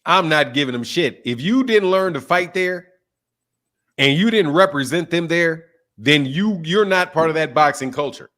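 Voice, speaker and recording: A man hosting a boxing talk show, excitable and animated, laughing often. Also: a little high, moderate pace. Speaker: host. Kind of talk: casual chat.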